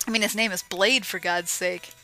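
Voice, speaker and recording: A woman giving casual, joking commentary over a retro game she is playing, with sarcastic asides and excited yelps. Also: medium pitch, normal speed, poor audio. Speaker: let's play commentator. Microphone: home microphone.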